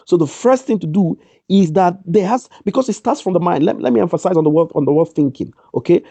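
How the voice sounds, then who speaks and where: A man's voice: high-pitched, lively intonation, quick pace, vocal fry, dark tone, slightly rough, no echo. Emphatic man giving a motivational talk. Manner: emphatic, repeats key lines. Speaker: guest speaker.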